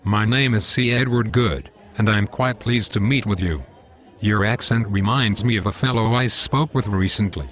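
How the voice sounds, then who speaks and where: A man's voice: lowish voice, normal speed, a bit bright, lightly acted. A male computer voice playing a legal writing coach who corrects plainly and matter-of-factly.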